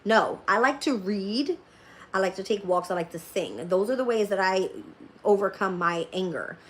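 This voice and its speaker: A woman's voice: medium pitch, lively intonation, normal speed. Woman tarot reader, blunt and foul-mouthed, mid-range voice, faint hiss behind. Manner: profane, blunt and emphatic; laughs often while talking. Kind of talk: casual live-stream rant.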